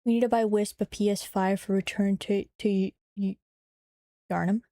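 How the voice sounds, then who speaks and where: A young woman streamer in casual live-stream chat, excitable and chatty, swearing and teasing her viewers. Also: mid-range voice, normal speed, dry recording, studio quality.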